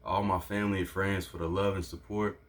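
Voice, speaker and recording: A man talking casually in an unboxing vlog, excited and thankful, a little nervous and restarting his sentences often. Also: deep voice. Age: adult. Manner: excited, grateful, halting with restarts. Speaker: vlogger showing his own shoe line.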